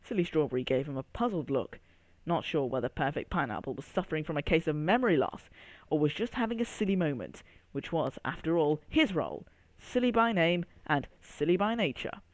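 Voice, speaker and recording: A storyteller reads a children's story aloud, speaking expressively and directly to young listeners. The voice is medium-pitched and fairly quick, with no echo.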